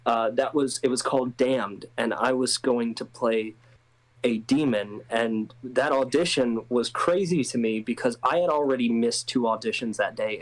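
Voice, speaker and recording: Man, actor guest, mid pitch, hesitant, restarts, self-mocking, casual interview. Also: low-quality recording.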